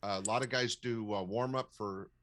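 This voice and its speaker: An older man with a low voice shares advice from his years in comedy. He talks in a measured, storytelling way, with plenty of fillers. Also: fairly even intonation, a bit bright. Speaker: comedy producer and club owner, guest. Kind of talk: casual interview talk, advising.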